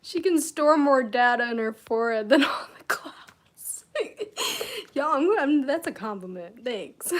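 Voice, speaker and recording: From a candlelit, incense-filled room at home, a woman from Michigan livestreams self-help guidance and reads comments, often laughing and leaning on "you know." Her voice sits high, swinging widely in pitch, and she takes her time.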